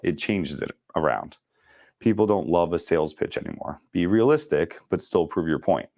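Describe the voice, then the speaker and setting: Fast-talking deep-voiced male sales trainer. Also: lively intonation, warm tone, dry recording, studio quality. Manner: talks fast, chatty and joking. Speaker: real estate sales trainer. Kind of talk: casual training session.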